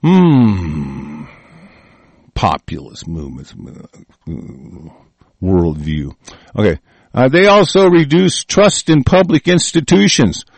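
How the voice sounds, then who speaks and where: A man reading lines aloud and answering them in a profane, angry rant, swinging between loud outbursts and low muttering. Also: huge pitch swings, takes it slowly, pauses often, dry recording. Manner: reads lines aloud then rants with heavy swearing. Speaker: vlogger reacting to a text.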